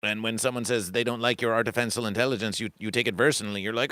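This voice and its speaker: A man's voice: on the low side, fairly even intonation, very fast, few pauses, sharp tone, no room sound. A man hosting a livestream, ranting in a grandiose, repetitive, preacher-like cadence. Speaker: livestream host. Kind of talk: rambling comic livestream monologue.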